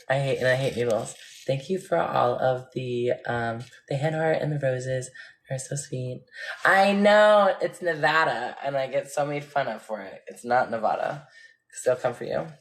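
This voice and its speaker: A woman with a strikingly low voice chats casually to her livestream viewers, candid and rambling, breaking into laughter often. She talks into a phone in a room with a noticeable echo. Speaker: livestreamer answering viewer comments. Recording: echoey room.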